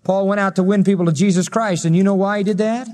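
A man's voice: high voice, fairly even intonation, fast, darkish tone. A man preaching a sermon as a pastor, with an emphatic delivery that swells and drops. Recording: long reverb of a hall.

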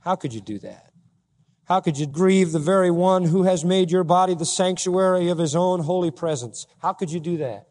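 A pastor preaching a sermon, swinging between loud emphatic peaks and quiet low asides. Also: male voice, moderate pace, big-room sound.

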